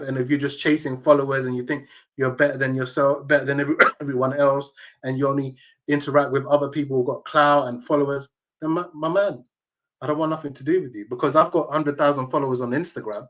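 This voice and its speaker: A man's voice: medium pitch, steady tone, quick pace, fairly bright tone. A man, a tournament organizer telling emphatic, slang-heavy stories as an interview guest. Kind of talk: casual interview storytelling.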